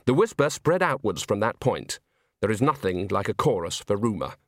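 Man narrating with a lively, wry voice. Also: fairly low pitch, normal speed, no echo, studio quality. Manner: wry, expressive. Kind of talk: audiobook narration.

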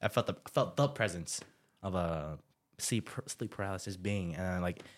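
Young man, low-ish voice, casual storytelling, slang, frequent laughter. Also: moderate pace. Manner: laid-back storytelling, slangy, laughs often. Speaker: podcast co-host. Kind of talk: casual chat among friends.

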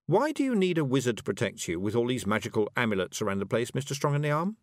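A man voicing a sharp-witted young girl witch who talks coolly and with sweet sarcasm. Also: mid-range voice, huge pitch swings, moderate pace, no echo, clean studio sound. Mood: sly.

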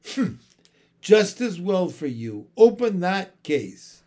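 A man voicing a tiny, ancient shopkeeper woman with a high, shrill little voice, bossy to her daughters and sly with guests. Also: sing-song, slow, darkish tone, full character voice. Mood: scolding. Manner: switches between scolding and sugary coaxing.

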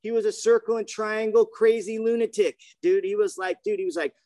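A man sharing his recovery story in a casual, slangy way, bouncing between narration and acted-out dialogue. His voice sits fairly high, and the sound is dry and close with no room echo. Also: fairly quick. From grew up near the ocean. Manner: animated storytelling, slangy, acts out quoted dialogue. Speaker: recovery meeting speaker.

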